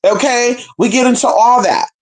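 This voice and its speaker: A woman talking in a casual vlog monologue, animated and profane, often acting out other people's voices as a herbalist and hoodoo practitioner. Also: a little high, normal speed, rough recording. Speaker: self-described certified herbalist and hoodoo practitioner.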